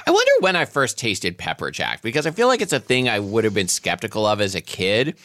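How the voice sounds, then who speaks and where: A man's voice: fairly low pitch, huge pitch swings, a little fast, bright, forceful tone, no echo, clean studio sound. A man co-hosting a podcast in casual chat, talking with many hesitant restarts and fillers. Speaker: podcast co-host.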